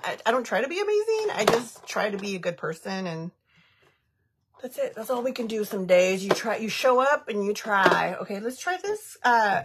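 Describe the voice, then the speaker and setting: A woman's voice: mid-range voice, background noise. A woman in her thirties chatting casually on a makeup livestream, giggling often and reading viewer comments aloud. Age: 30s.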